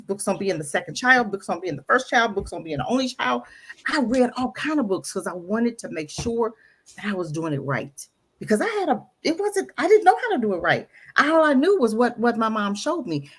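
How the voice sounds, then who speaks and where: A woman's voice: mid-range voice, fairly bright tone, slightly rough. A middle-aged woman talking candidly about her past as a guest, emphatic and repeating phrases for stress. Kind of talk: candid personal storytelling. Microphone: audio-only radio show recording.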